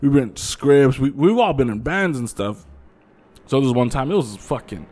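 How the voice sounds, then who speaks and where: Animated, profane man telling a ghost story. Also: mid-range voice, normal speed. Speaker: podcast co-host. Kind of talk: casual storytelling chat.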